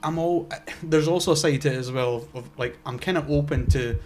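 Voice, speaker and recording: A man's voice: fairly high pitch, brisk, a little mellow. A young man co-hosting a podcast, rambling in casual chat with fillers and easy swearing. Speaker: podcast co-host.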